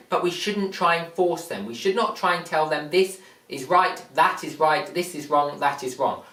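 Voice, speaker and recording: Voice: medium pitch, a bit bright. A motivational speaker explaining a point plainly and emphatically, retelling a fable with lots of repetition. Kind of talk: motivational talk with a retold fable. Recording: echoey room, mic far off.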